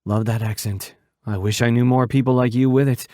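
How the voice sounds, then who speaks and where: A man voicing a brisk young woman firefighter. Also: mid-range voice, fairly even intonation, mellow, no room sound, studio quality, lightly acted.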